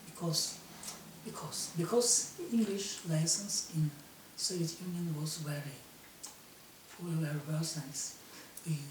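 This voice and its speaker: A woman in her fifties from Russia with a Russian accent, giving a personal monologue in halting English full of restarts. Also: low-pitched, echoey room, distant mic, a little hiss or hum, rough recording. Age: 50s. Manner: halting non-native English, slow, many restarts.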